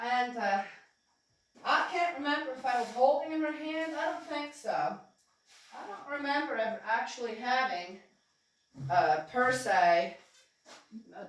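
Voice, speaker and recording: A woman telling her own story in a casual, rambling way, full of fillers, soft laughs and asides to herself. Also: on the high side. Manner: talks to herself aloud. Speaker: spiritual storyteller. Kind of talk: casual spoken memoir narration. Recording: very echoey room, distant mic, faint hiss.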